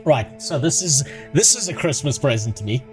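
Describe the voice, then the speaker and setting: A man's voice: fairly high pitch, sing-song, moderate pace. Male streamer, profane and joking, live casual commentary with faint background music. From South Africa. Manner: crude, profane, laughs at his own jokes. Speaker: livestreamer.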